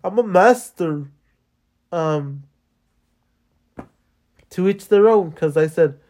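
An exasperated podcaster vents in a loose, rambling monologue, peppered with curses and restarts, at a mid-range pitch that sits neither high nor low. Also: animated, slow, pauses often, mellow. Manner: profane and rambling, many restarts and fillers; exasperated complaining. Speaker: podcast host. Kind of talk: casual venting monologue.

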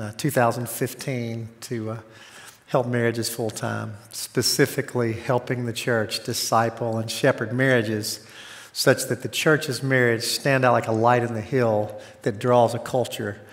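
A man's voice: mid-range voice, little pitch movement, unhurried. A man in his fifties giving an earnest, conversational sermon to a church, telling personal stories about his marriage. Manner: earnest, storytelling, speeds up in anecdotes. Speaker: guest speaker on marriage. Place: church sanctuary. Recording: reverberant church hall.

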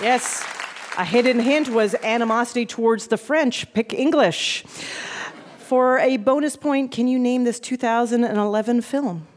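A woman's voice: a little high, moderate pace, some chatter behind. A woman hosting a quiz game, playful and joking with the contestants. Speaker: quiz show host.

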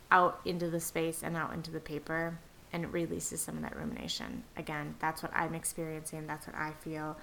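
A middle-aged woman hosts a reflective solo podcast, speaking earnestly and encouragingly to her listeners as though they were friends. Her lowish voice is creaky with a fairly bright tone, and the poor audio carries a faint hiss.

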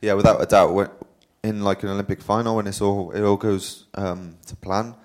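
Low, flat-voiced man. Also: moderate pace. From Wales. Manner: rambling, self-deprecating, with filler words. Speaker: interview guest, professional cyclist. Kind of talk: casual storytelling at a live talk.

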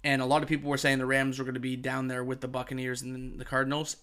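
A man's voice: medium pitch, monotone, fast, a bit bright. A man co-hosting a podcast, casually explaining football news to his co-host with enthusiasm and plenty of fillers. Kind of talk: casual chat.

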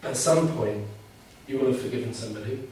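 A man's voice: mid-range voice, fairly quick, darkish tone, slight background noise. A man preaching a sermon, earnest and emphatic, driving home key phrases by repeating them. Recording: very echoey room, mic at a distance.

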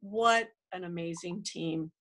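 A woman's voice: on the low side, slow pace, fairly bright tone. A woman with a nasal voice, fighting a cold, co-hosting a podcast in chatty, self-deprecating talk. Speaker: podcast co-host. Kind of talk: casual chat.

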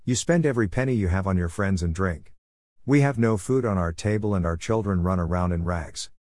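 Storybook: man reading worn-down mother, accusing, bitter, low and dry. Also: a little fast, darkish tone, no room sound, close to an everyday voice. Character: fed-up battered mother, adult woman.

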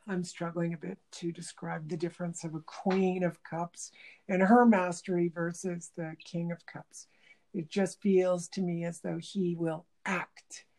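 A woman's voice: fairly low pitch, dark tone. A woman workshop teacher talking in a reflective interview, thoughtful and searching for words, often restarting.

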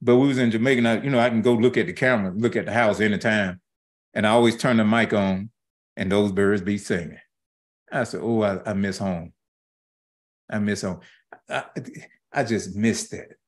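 A middle-aged man preaching a sermon in a folksy, animated way, acting out quoted asides. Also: lowish voice, fairly quick. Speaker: pastor.

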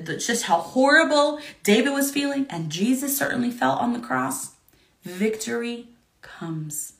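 A woman teaching a Bible study lesson, earnest and excited, reading scripture aloud with feeling. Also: on the high side, echoey room.

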